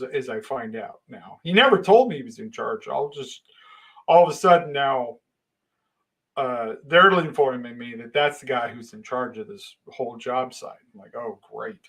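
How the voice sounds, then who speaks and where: A man's voice: mid-range voice, lively intonation, moderate pace, fairly bright tone, poor audio. A middle-aged man casually telling a long personal anecdote, rambling with restarts and acting out exchanges. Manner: rambling, with many restarts and dramatic voice shifts. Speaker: storyteller.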